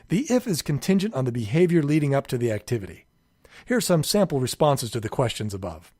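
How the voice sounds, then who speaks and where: A man's voice: fairly quick, no room sound, studio quality. Earnest man narrating a parenting course. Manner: calm, earnest, acts out children's pleas in a higher voice. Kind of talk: scripted instructional narration.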